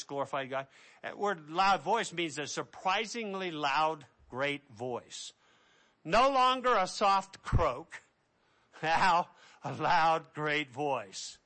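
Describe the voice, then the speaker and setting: A male preacher with a high, bright voice delivers a sermon. His pace is slow, but he tells the story in an animated way and slips into the voices of the people in it.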